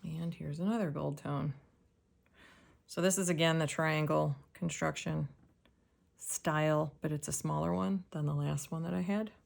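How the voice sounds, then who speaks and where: Woman, low and gravelly; relaxed soft-spoken unboxing narration with occasional whispers. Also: moderate pace. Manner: soft-spoken, drifting into whispers while examining items. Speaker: jewelry reseller.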